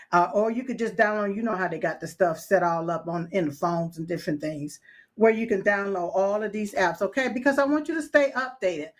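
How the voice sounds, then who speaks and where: A woman hosting a live-stream show, chatty and playful, with many fillers and laughs at her own jokes. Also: a little high. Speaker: show host. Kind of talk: casual live-stream chat.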